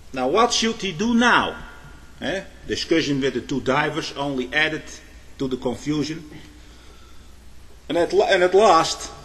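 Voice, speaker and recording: A man preaching a sermon. He tells illustrative stories, pauses on hesitations, and keeps adding a questioning "eh?". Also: a little high, fairly bright tone. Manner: frequent "eh?" tag questions, halting restarts. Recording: long hall reverb.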